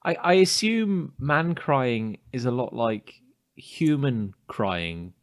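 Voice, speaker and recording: A man's voice: mid-range voice, sing-song, takes it slowly. A man co-hosting a podcast, making dry, absurdist jokes in casual chat. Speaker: podcast co-host.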